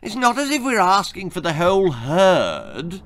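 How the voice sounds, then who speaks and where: A man's voice: high-pitched, wildly swooping pitch, measured pace, fairly bright tone, pitched above the performer's own voice, full character voice. A man doing a spoiled rich little boy. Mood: wheedling.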